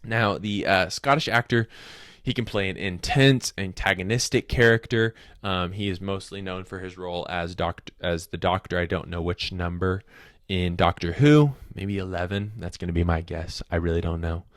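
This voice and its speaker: A man's voice: low voice, a bit bright, no room sound, clean studio sound. A man hosting a casual commentary video, rambling, correcting himself mid-sentence and tossing in joking asides. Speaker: video host.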